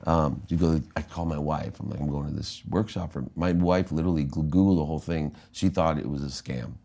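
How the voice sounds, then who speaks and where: Speaking with an extremely low, dark voice full of vocal fry, this middle-aged American interview guest tells his life story with energy in a steady tone and at a fairly quick clip. He candidly acts out the people he quotes.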